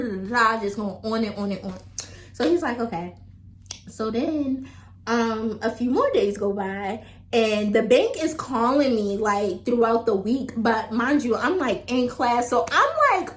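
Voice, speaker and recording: Young woman vlogger, fairly high voice, chatty storytime delivery full of fillers, talks straight to viewers. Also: normal speed, fairly bright tone. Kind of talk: casual storytime chat.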